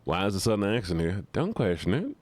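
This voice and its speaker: In a dry recording, a man streams his gameplay live, talking fairly fast in a fairly low voice. Excitable, he chats with his viewers and lets out yelps whenever he's frustrated.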